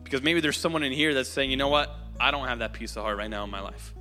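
A man's voice: medium pitch, quick pace. A man preaching a sermon and giving an altar call, earnest and pleading, with repeated invitations to come up. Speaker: pastor. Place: church sanctuary. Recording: hall reverb, music playing softly behind.

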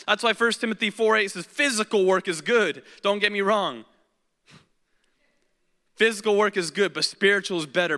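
A man preaching a sermon and giving an altar call, earnest and pleading, with repeated invitations to come up. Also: high voice. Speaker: pastor. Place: church sanctuary. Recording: hall reverb, music playing softly behind.

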